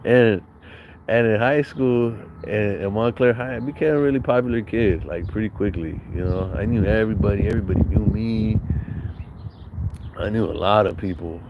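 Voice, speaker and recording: Man, lowish voice, casual storytelling, slangy, profane, rambling. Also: moderate pace, muffled recording, background noise. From San Bernardino, Southern California.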